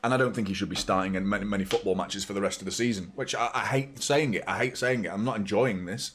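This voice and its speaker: A fan channel host commentates a live football watchalong, blending blunt, sweary fan chatter with play-by-play. He speaks quickly in a lowish, slightly bright voice, with a little background noise present.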